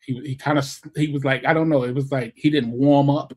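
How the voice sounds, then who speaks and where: A man from New York co-hosting a podcast in casual chat, animated, reading live comments aloud with quick exclamations. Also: mid-range voice. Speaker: podcast co-host.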